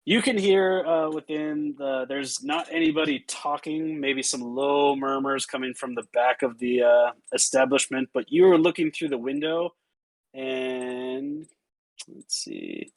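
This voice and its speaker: A man narrating as game master, casual and halting with many fillers. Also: mid-range voice, lively intonation, no echo, low-quality recording.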